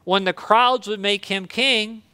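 A male pastor with a high, bright voice preaches in an earnest, conversational tone. His voice is smooth and clear, and the recording is close and dry. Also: fairly even intonation, unhurried, no room sound. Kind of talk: sermon.

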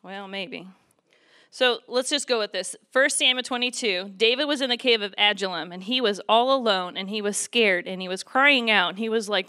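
A woman's voice: mid-range voice, normal speed, pushed and bright, clear, resonant tone. A woman giving a casual church devotional, reading scripture aloud with rising intensity. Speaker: church speaker.

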